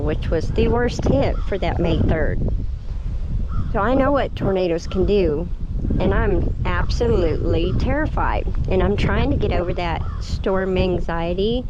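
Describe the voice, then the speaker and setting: A middle-aged woman, telling a story in a casual, chatty vlog, laughing often and getting emotional. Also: medium pitch. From Oklahoma. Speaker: homestead vlogger. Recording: dull lo-fi with faint background noise.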